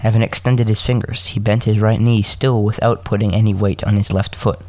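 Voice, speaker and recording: Male podcast host reading a story, low voice, dry close sound, stumbles and self-corrects. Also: flat delivery, a little mellow, dry recording. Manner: halting, self-correcting, joking asides between coughs. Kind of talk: casual story reading with asides.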